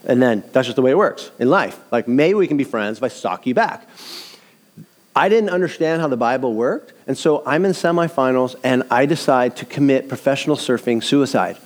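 Animated male preacher telling a story. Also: mid-range voice, fairly quick. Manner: animated storytelling, acts out quotes. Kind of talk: sermon with personal story.

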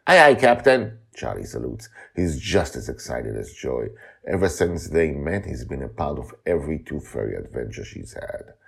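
A man's voice: extremely low pitch, lively intonation, normal speed, gravelly, a little mellow, husky. A man hosting a podcast, telling a storybook tale in a rambling, casual way with asides. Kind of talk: casual chat and storybook narration.

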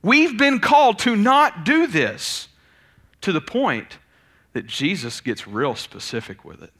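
Man, pastor, bright tone, lively conversational sermon. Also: high-pitched, slow pace. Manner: animated, conversational preaching with acted-out asides.

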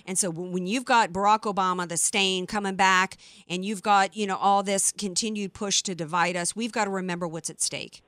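A woman's voice: medium pitch, steady tone, normal speed, few pauses, a bit bright, no room sound. Fired-up woman radio host, dry studio sound. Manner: fired-up, emphatic, with many restarts. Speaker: radio talk show host. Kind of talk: opinionated political talk radio.

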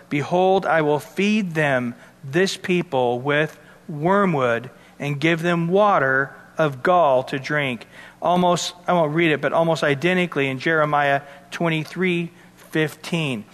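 Reading verses and unpacking them in a conversational, expository sermon, a pastor adds asides to his listeners. He speaks on the high side at a measured pace, with a fairly bright tone and a long reverb tail.

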